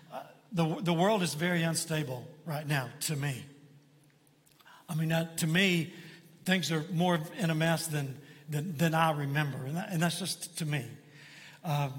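A man's voice: a little high, big-room sound. A man preaching a sermon as pastor, talking in a folksy, conversational way with frequent asides to the congregation.

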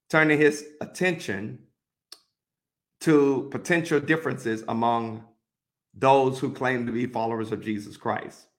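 A man teaching a Bible study, reading verses aloud and methodically telling listeners which words to underline and highlight. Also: fairly bright tone. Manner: methodical, repeats instructions to mark the text; reads scripture aloud then pauses to direct.

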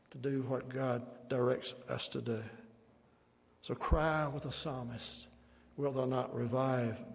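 Gravelly preacher in a reverberant church. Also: male voice, medium pitch, a little mellow. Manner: fervent, drops to a whispered prayer. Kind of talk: sermon and altar-call prayer. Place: church sanctuary.

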